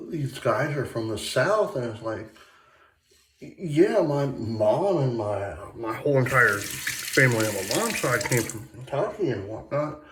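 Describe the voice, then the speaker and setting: A man's voice: medium pitch, background noise. A man from Michigan rambling in a casual chat, full of fillers and restarts. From Michigan, USA. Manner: meandering, many fillers and restarts. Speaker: shaving vlogger. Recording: echoey bathroom, faint tap water.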